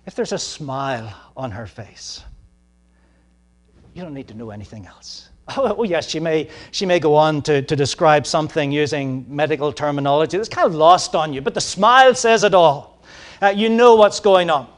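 A man preaching a sermon as pastor, measured and halting with ums, then swelling to emphatic peaks. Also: a little high, lively intonation.

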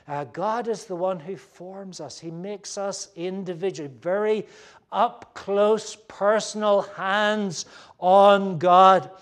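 Earnest high-voiced male preacher. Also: fairly even intonation, takes it slowly. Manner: earnest and emphatic, swinging between loud stresses and hushed asides. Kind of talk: sermon. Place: room with a gathered audience.

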